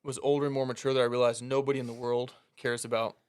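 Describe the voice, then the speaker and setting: A man's voice: medium pitch, fast talker, smooth. Man telling a story with laughter. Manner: animated, laughs through punchlines, acts out coaches' lines. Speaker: podcast co-host telling a story. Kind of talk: casual storytelling.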